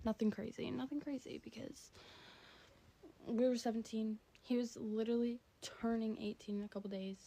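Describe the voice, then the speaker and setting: Young woman around 20 for a chatty, giggly storytime; a raspy fry runs through the voice. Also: fairly high pitch, steady tone, normal speed, mellow. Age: about 20. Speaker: stay-at-home mom. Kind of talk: casual storytime.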